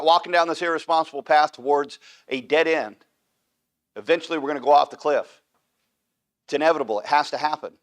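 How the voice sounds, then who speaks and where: A man's voice: fairly high pitch, fairly bright tone. A man teaching an adult Bible class in a church, emphatic and repetitive, often checking in with "right?". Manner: emphatic, repeats points with "right?". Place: church room.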